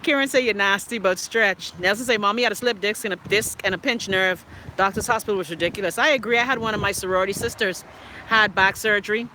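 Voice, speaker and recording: A woman hosting a live stream, reading viewer comments aloud and bantering with them in a teasing, animated way. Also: mid-range voice, quick pace, slight background noise, poor audio. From Bahamas. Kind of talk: casual live chat. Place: outdoors in a city street.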